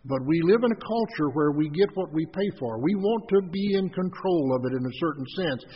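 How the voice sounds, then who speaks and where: A man preaching a sermon as pastor, telling folksy humorous stories in a husky voice. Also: on the high side, lively intonation, fairly quick. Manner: storytelling, folksy with humorous anecdotes. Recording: dull recording with long hall reverb.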